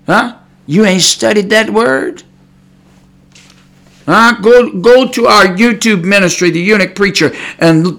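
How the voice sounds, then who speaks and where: A male preacher delivers a podcast sermon in a high, bright voice, fiery and scolding as he drives each point home. His speech is loose and colloquial, full of rhetorical questions aimed straight at the listener.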